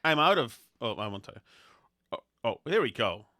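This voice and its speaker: A man's voice: medium pitch, normal speed, dry recording, clean studio sound. A middle-aged man hosting a podcast, bantering casually and telling jokey, sarcastic stories. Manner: joking, sarcastic, animated storytelling. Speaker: podcast host.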